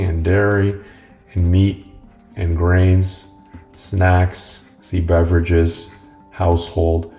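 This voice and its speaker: A man with a very low, gravelly voice walks through a tech tutorial in a relaxed, rambling way. His delivery is flat and his tone mellow. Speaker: host.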